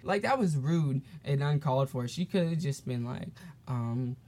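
A teenage boy with a mid-range male voice hosts his own solo podcast, speaking at a normal speed. He tells a rambling, animated story packed with "um"s and restarts, sometimes acting out the characters, in a loose, chatty tone.

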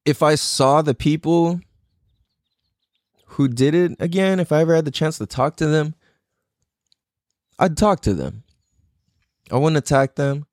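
A man's voice: fairly high pitch, measured pace, pauses often, a little mellow, no echo. Man, casual reflective monologue, loose profane chatter, lots of fillers, dry close sound. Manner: loose and profane, heavy with fillers like "like" and "you know".

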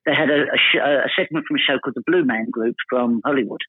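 A man from Essex with an Essex accent, telling comic anecdotes as a podcast guest, quoting people in animated voices. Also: mid-range voice, slightly rough, dry recording. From Essex, England. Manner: rapid storytelling, animated quoting of others. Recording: tinny phone-like dry line.

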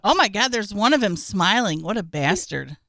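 A woman's voice: mid-range voice, very animated, moderate pace, creaky, fairly bright tone. A woman co-hosting a casual comedy chat, trading crude, profane banter and quoting people in put-on voices.

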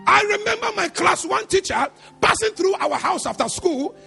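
Fiery preacher, high gravelly voice. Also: male voice, expressive, normal speed, long reverb tail, soft background music. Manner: fervent preaching, often shouting, sing-song cadence. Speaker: pastor. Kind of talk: sermon.

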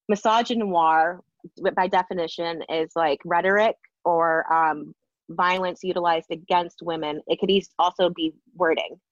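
A woman's voice: fairly low pitch, no echo. A woman co-host in casual commentary chat, talking emphatically with many fillers. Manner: chatty, frequent fillers, emphatic. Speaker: podcast co-host. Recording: dull, dry lo-fi audio.

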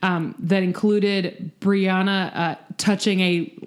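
A woman's voice: mid-range voice, fairly even intonation, slow. Tired podcast lady, swears a lot, laughs a bunch, just chatting casually. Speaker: podcast co-host. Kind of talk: casual chat.

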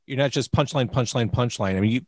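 A man interviews a comedian in a loose, rambling way, full of compliments and restarts. His pitch sits in an ordinary middle range. The sound is dry, with no room echo. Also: fast. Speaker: interviewer, host of a comedy series. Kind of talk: casual interview chat.

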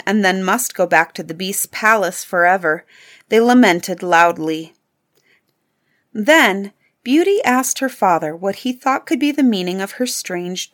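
Brief: female storybook narrator, steady and clear, mid-pitched.

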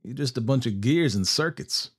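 A man voicing a cocky, fearless outlaw who drawls and mocks with rough grammar. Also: fairly low pitch, lively intonation, moderate pace, darkish tone. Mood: mocking. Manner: snickering, drawling backwoods grammar.

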